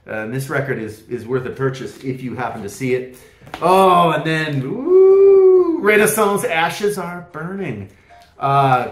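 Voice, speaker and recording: A man's voice: mid-range voice, fairly bright tone, reverberant. A man casually reviewing records from his collection, enthusiastic and rambling, full of fillers and exclamations. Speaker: vinyl collector vlogger.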